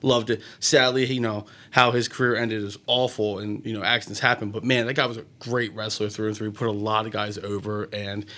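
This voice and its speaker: A man's voice: lowish voice, flat delivery, a little fast, few pauses, sharp tone. A man on a radio show chatting enthusiastically about wrestling, rambling and restarting his sentences. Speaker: co-host, wrestling fan. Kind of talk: casual chat. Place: radio studio.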